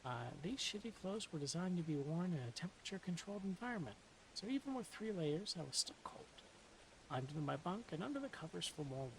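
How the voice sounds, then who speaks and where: A woman reading a novel aloud in a soft-spoken ASMR style, slipping into whispers now and then, with dry, deadpan humor. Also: on the low side, quick pace, a little hiss or hum, rough recording. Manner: soft, dips into whispers at times.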